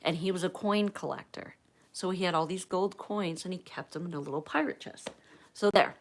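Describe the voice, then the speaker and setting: A woman from Pennsylvania hosting a livestream, telling a personal story in a chatty, animated way and acting out the quotes. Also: lowish voice, moderate pace. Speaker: livestream host.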